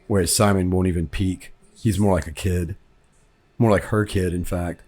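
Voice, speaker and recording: A man's voice: low voice, steady tone, moderate pace, darkish tone. A man from Kentucky, a film director, talking through his movie in a rambling, conversational commentary. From Kentucky, United States. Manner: rambling, conversational, repeats words as he thinks.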